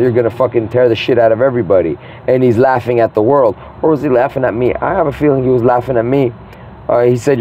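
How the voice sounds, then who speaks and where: A man's voice: mid-range voice, a little mellow, slight background noise. A man ranting in a rambling, profane, grandiose monologue to the camera.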